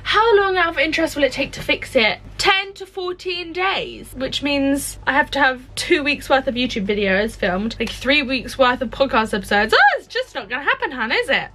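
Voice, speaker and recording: A woman's voice: high voice, normal speed, few pauses, bright, forceful tone. A young woman vlogging about her day at home, rambling and poking fun at herself. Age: young adult. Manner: rambling, self-mocking and chatty. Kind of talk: casual vlog chatter. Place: home, indoors.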